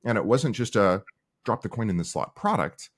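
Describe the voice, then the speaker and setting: A man's voice: lowish voice, normal speed. A middle-aged man, a company founder, talking casually in an interview and acting out the people he quotes. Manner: animated storyteller, acts out quoted people.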